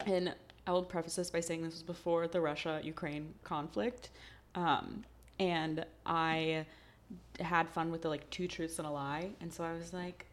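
A young woman hosts a casual podcast chat. Her voice sits on the low side, and she talks in a loose, chatty way with frequent laughs and fillers. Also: steady tone, measured pace. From Texas, USA. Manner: chatty, laughing, heavy use of "like". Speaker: podcast host.

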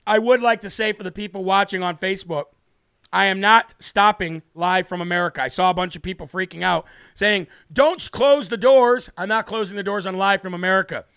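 Man, political talk host, brash, mocking, high-pitched, dry studio sound. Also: fairly even intonation, fairly quick, bright, forceful tone, clear, resonant tone, no echo. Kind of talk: live political commentary. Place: home studio.

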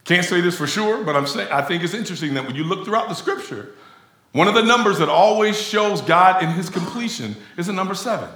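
A man preaching a sermon as pastor, talking to the congregation in an animated, conversational way. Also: high-pitched, brisk, reverberant. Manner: animated conversational preaching, addresses crowd as y'all.

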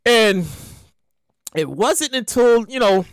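A woman telling a story in a casual monologue, talking fast, laughing often and swearing freely. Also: on the high side, expressive, smooth, no room sound.

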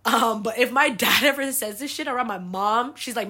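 A woman's voice: fairly high pitch, normal speed, pushed and bright. A young woman from the United States hosting a podcast, telling a family story in a loose, chatty way, full of "like" and casual swearing. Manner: chatty, fills with "like", swears freely. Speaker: podcast host.

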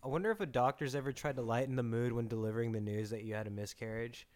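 A man's voice: mid-range voice, fast talker, a little mellow. A man co-hosting a casual podcast, teasing and joking. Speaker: podcast co-host. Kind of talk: casual chat.

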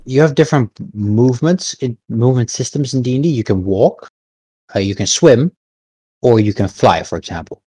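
A man's voice: mid-range voice, expressive, normal speed, dark tone, breathy edge, no room sound. A man with a mid-range voice acts as game master, walking his players through the rules of a tabletop game. He hesitates often and fills gaps with fillers. The sound is close and dry. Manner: patient, hesitant with many fillers.

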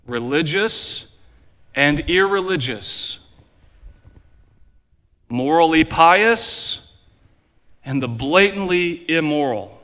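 Pastor, male, slow emphatic preaching, rises and drops in volume, church sanctuary with long reverb. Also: on the high side. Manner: emphatic preaching with repeated phrases, varying loud and soft. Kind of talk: sermon.

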